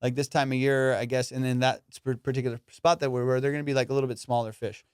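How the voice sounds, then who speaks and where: Male comedian host, casual storytelling, clear voice, dry sound. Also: mid-range voice, fast, no echo. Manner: animated and profane, with lots of fillers.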